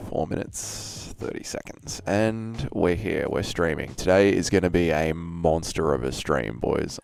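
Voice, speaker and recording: Tired, chatty Australian man, low and gravelly. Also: a little mellow. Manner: loose and swearing, chatting with viewers and laughing often. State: tired from an early wake-up. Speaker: streamer hosting a live fight watch-along. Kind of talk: casual live-stream chat.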